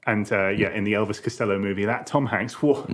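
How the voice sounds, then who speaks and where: Male co-host, lower voice, playful, plays along with bits. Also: fast, fairly bright tone. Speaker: podcast co-host. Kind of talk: casual chat.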